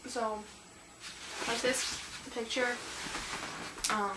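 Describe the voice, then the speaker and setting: Teenage girl, higher voice, rambling emotional vlog, distant camera mic, echoey noisy room. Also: steady tone, moderate pace. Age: teens. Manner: rambling, emotional, with frequent laughs and fillers. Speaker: vlogger. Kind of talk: casual confessional vlog. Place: room at home.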